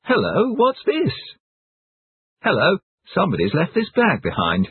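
A man reads short example phrases with a lively, up-and-down delivery. His voice is a little husky, close and dry, squeezed into a tinny, phone-like band. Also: high-pitched, unhurried, no echo. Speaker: English phrase teacher. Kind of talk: scripted example sentences.

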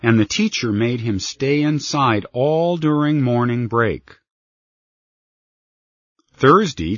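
A man narrating a written story in a calm, unhurried storytelling manner. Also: medium pitch, dry recording. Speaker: reader. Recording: slightly muffled dry recording.

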